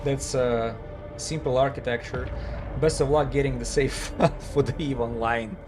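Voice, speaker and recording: A man's voice: mid-range voice, steady tone, moderate pace, a little mellow, soft background music. Man streaming a game, voice tiring. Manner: chatty, thinks aloud with fillers and non-native phrasing. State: voice tiring after hours of talking. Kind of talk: casual live-stream commentary.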